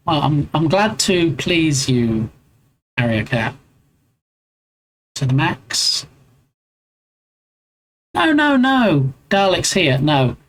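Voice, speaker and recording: English man, 40s, relaxed live-stream host, playful banter with viewers, light background noise. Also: high-pitched, rough recording. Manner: chatty, reads out and answers chat with playful banter. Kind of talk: casual chat with viewers.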